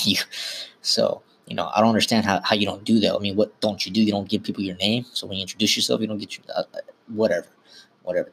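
A man's voice: lowish voice, slight background noise. A man hosting a podcast, talking informally and instructively in a casual monologue, often correcting himself mid-sentence. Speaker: podcast host.

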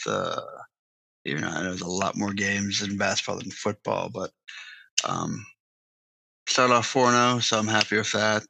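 Gravelly, bright-voiced man. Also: on the low side, no room sound, rough recording. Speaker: podcast co-host. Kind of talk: casual chat.

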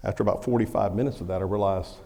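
A middle-aged man, a pastor telling a folksy sermon story with animated swings in his delivery. His voice has a gravelly edge, and it rings out in a church sanctuary with a long reverb tail. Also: on the low side, rapid-fire.

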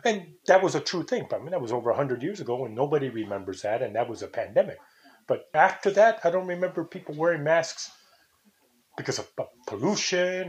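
An older man rants indignantly as a talk-show host, his voice sitting a little higher than most men's. He wanders from point to point and sometimes mimics how other people talk. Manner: rambling, indignant, mimics intonations. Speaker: podcast host. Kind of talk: casual talk show monologue.

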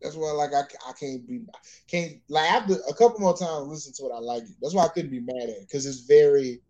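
Higher-voiced man rambling casually. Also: brisk, a little mellow, low-quality recording. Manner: rambling, restarts, slangy. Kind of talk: casual chat.

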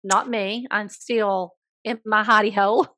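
A woman with a Southern US accent co-hosts a casual podcast. She chats playfully, throwing in jokes and quick asides. The sound is dry and close-miked. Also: medium pitch, steady tone, bright, forceful tone, no room sound. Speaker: podcast co-host, school counselor. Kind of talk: casual chat.

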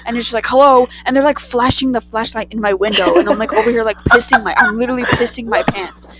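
A young woman casually telling a story to friends, animated and profane, acting out the voices in it. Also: fairly high pitch, fast, music in the background. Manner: animated, profane, acts out quotes. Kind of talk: casual chat.

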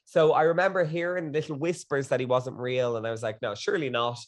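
A young man guest in a casual chat, telling stories in a gushing, excitable way. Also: a little high, fairly quick.

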